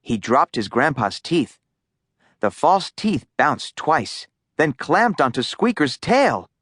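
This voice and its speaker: A woman narrating a children's audiobook in a slow, lively storytelling voice. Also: sits low, husky, no echo, studio quality.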